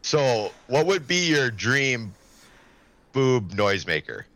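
A man's voice: mid-range voice, big pitch swings, takes it slowly, a bit bright. A man co-hosting a podcast, mostly chiming in with short quips and questions. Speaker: podcast co-host. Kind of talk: casual chat.

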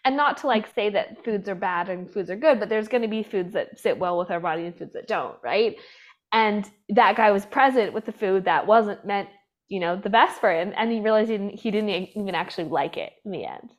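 A woman's voice: medium pitch, brisk. A woman hosting a podcast, telling stories in a chatty way with a lot of "like". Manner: chatty storyteller, filler "like". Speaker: podcast host. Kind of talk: casual podcast conversation.

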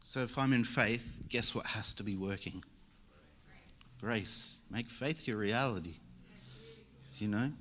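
A man's voice: lowish voice, slow, long pauses, bright, forceful tone, a little hiss or hum. A young man preaching a church sermon in a casual, joking way. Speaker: lay preacher. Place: church service.

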